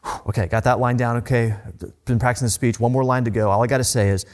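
A man's voice: mid-range voice, fairly even intonation, fast talker, pitched below the performer's own voice, lightly acted. A man voicing an anxious young man who mutters to himself while rehearsing an apology. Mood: nervous.

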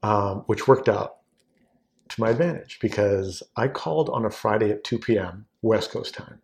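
Animated man telling a story. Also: moderate pace, gravelly. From Southern California. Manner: animated, acts out quoted voices with big pitch jumps. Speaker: guest, wine sales executive. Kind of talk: casual anecdotal storytelling.

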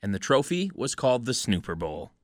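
A man's voice: mid-range voice, sing-song, a little fast, no room sound, clean studio sound. A man hosting a casual podcast, recapping events from notes in a laid-back way with joking asides. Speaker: podcast host. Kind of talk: casual wrestling podcast chat.

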